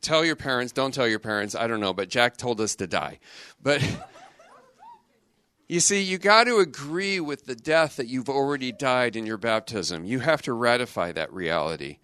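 Speaking to a youth audience, a middle-aged religious brother keeps things lively, conversational and jokey, firing off rhetorical questions. He has a medium-pitched voice with a clean tone, recorded dry at studio quality.

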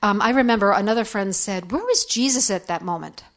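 A middle-aged woman speaks candidly and conversationally, sharing personal stories in a reflective talk for women. Her pitch sits in an ordinary middle range. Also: a little fast. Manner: candid, conversational, acts out quoted voices. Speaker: speaker on faith and forgiveness.

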